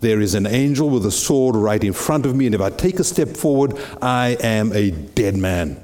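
A man's voice: on the low side, animated, moderate pace, darkish tone, voice pushed down, close to an everyday voice. A man voicing a male prophet in a Bible story who scolds his donkey in a sing-song tone. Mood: hushed awe. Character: angry, then awestruck male prophet. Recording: long reverb in a big hall.

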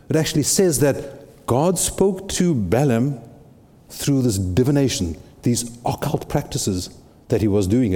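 Man, preacher, storytelling sermon, rhetorical questions, somewhat high pitch, long reverb. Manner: animated, dramatic retelling with rhetorical questions. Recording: long reverb in a big hall.

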